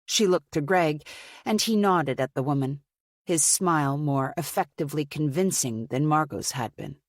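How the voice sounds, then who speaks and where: A woman narrating a mystery audiobook in a measured, even storytelling manner. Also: low-pitched, no echo, clean studio sound.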